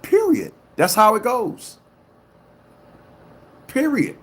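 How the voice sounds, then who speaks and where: An online commentator delivers a blunt, emphatic monologue to a live audience, very animated yet slow-paced, with vocal fry. He repeats himself a lot, swinging from loud outbursts to low muttering.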